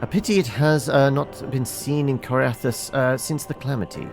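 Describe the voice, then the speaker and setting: A man's voice: mid-range voice, fairly even intonation, moderate pace, music in the background, voice pushed up, lightly acted. A man voicing a proud, anxious young noble lord in a fantasy game, with lofty, formal diction and some stumbles. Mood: courtly.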